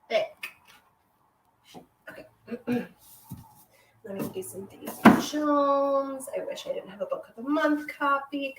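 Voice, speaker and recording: A woman's voice: fairly high pitch, background noise. Woman musing aloud, far from mic. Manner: chatty, musing, half to herself. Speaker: book vlogger. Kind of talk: casual chat while shelving books. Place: home room with bookshelves. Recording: roomy, off-mic with faint ambience.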